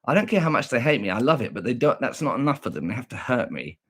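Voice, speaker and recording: A man talks casually to his livestream viewers, teasing and boastful. His husky voice swings up and down in pitch as he jokes. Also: big pitch swings, fast talker. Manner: playful, boastful, teasing, sing-song asides. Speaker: livestream vlogger.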